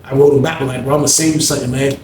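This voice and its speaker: A man telling a story in casual, slang-heavy talk, getting loud when he acts out arguments. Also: medium pitch, fairly even intonation, racing, reverberant, slight background noise. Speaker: storyteller host.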